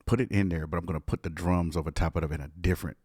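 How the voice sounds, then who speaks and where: A man's voice: low-pitched, fairly even intonation, racing, darkish tone, husky, dry recording. A man music producer, casually talking viewers through a live studio session. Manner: casual, talks through his work with viewers.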